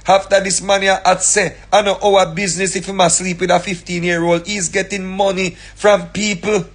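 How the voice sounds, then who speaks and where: Husky Jamaican man ranting. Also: high voice, a bit bright. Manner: angry, repetitive, preachy. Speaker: live streamer. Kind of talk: ranting commentary.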